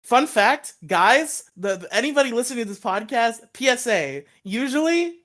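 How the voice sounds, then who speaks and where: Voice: mid-range voice, very animated, normal speed, fairly bright tone. A young podcast co-host under twenty-one, telling a rambling personal story in casual chat, swearing freely and laughing often.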